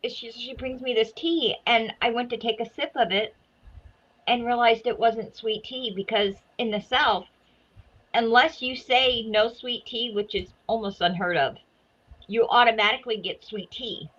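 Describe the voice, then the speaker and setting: A woman from Arkansas chatting casually and telling animated stories. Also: on the high side, measured pace, highs cut off. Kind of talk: casual chat.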